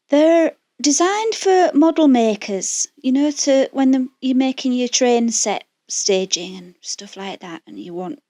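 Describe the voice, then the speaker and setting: A woman's voice: fairly high pitch, warm tone, dry recording, clean studio sound. A woman with a Yorkshire accent, chatting through a craft tutorial as voice-over in a rambling, self-deprecating way, with fillers and restarts. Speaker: resin craft channel host.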